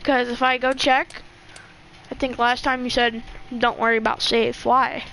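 A woman's voice: fairly high pitch, flat delivery, unhurried, bright, forceful tone, a little hiss or hum. A young woman giving gameplay commentary, swearing constantly and talking to herself and the screen. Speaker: gamer.

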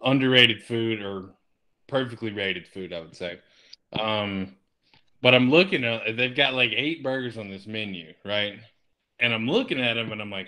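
A man co-hosting a casual beer podcast, excitable and jokey, often laughing and swearing as he tells stories. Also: fairly low pitch, moderate pace. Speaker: podcast co-host. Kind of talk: casual chat over beers.

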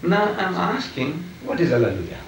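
A man's voice: on the high side, sing-song, moderate pace, slight background noise. An older man in a heated religious debate, emphatic and repetitive, pressing his listeners with questions. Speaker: debating preacher. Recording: roomy and distant, faint ambience.

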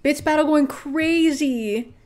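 A woman chatting casually with her viewers while she plays through a game. Her voice sits a little high, and she talks offhandedly, reading out items to herself and dropping the odd swear word. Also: slow, a little mellow. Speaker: livestreamer. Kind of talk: casual live-stream chat while gaming.

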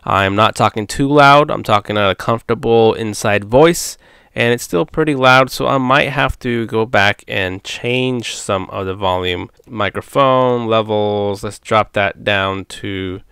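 Speaking a little slowly in a smooth, lowish voice on a dry recording, a man casually tests a USB condenser microphone at his indoor home setup. He's a chatty, relaxed tech reviewer who thinks aloud throughout, moving nearer and farther from the mic.

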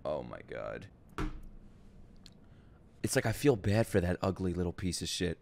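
A man hosting an anime reaction video in casual commentary, swinging between loud outbursts and hushed murmurs. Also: deep voice, big pitch swings, measured pace, gravelly, slight background noise. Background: faint anime soundtrack music.

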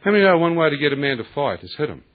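A man giving a lively, colloquial testimony sermon, acting out the voices of others and laughing often. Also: a little high, rapid-fire. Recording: tinny lo-fi, husky.

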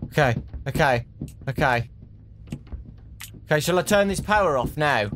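A young man commentates his way through a horror game, his voice swinging widely in pitch as he mutters nervously to his viewers. He talks in an unhurried way, and a faint hiss sits under the recording. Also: animated, fairly bright tone. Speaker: gaming YouTuber.

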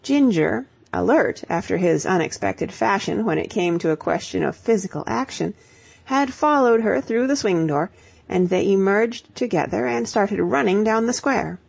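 A woman narrating an audiobook with a measured, expressive reading. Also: mid-range voice, creaky, husky.

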